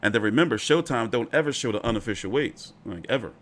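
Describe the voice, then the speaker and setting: A man's voice: medium pitch, animated, fast talker, a bit bright. A man hosting a boxing channel, talking through fight news in a loose, chatty way, swearing freely and filling with "like" and "you know.". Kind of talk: casual fight commentary.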